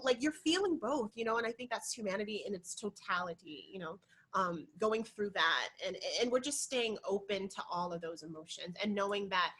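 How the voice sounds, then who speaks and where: A woman's voice: on the high side, husky, low-quality recording. A woman guest on a podcast interview, an intuition guide, talking expressively in a conversational way with lots of fillers. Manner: expressive, warm storytelling with frequent fillers.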